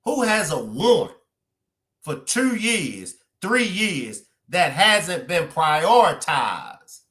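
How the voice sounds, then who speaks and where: A fiery male streamer. He talks slowly and drawls his words. His voice sits fairly high for a man, and it rises to loud outbursts and then drops to muttering. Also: sing-song, roomy sound. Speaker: commentary streamer. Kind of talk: live-stream commentary.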